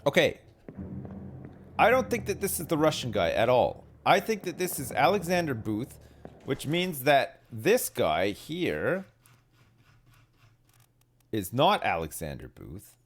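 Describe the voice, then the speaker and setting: A man's voice: big pitch swings, takes it slowly, long pauses, slight background noise. A man streaming a game, muttering and puzzling things out aloud as he plays. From Britain. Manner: muttering, puzzling things out, wildly swinging pitch. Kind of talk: thinking aloud while playing a game. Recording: faint game music behind. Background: faint game music.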